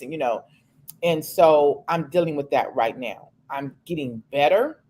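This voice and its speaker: A woman's voice: deep voice, lively intonation, normal speed, a little mellow. A woman co-hosting a casual talk show, speaking frankly and emphatically, often restarting her sentences. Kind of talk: casual chat.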